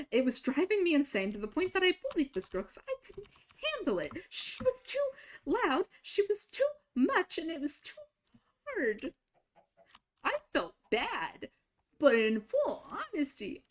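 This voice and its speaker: A young woman streaming a game, casually telling a story, swinging between exasperated, swearing outbursts and quiet asides. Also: on the high side. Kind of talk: casual storytelling while gaming.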